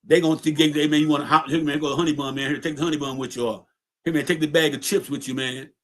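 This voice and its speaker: Casting note: man, slightly high voice, streetwise storyteller, loose and profane. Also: steady tone, quick pace, a bit bright. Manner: streetwise, profane, repeats words. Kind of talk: casual storytelling.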